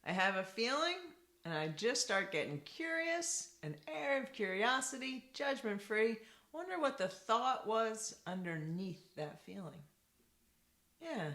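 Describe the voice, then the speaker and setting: A bright, animated woman therapist teaches to camera, her pitch moving up and down as she repeats key points. She keeps checking in with a quick rhetorical "right?". The voice rings in an echoey room. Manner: lively, repetitive, asks rhetorical "right?".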